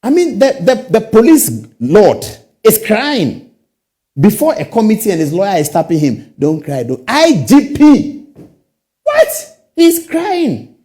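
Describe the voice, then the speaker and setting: Indignant Ghanaian man with animated pitch. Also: slow. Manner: indignant, rhetorical questions, repeats himself. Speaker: talk show host. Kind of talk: studio commentary.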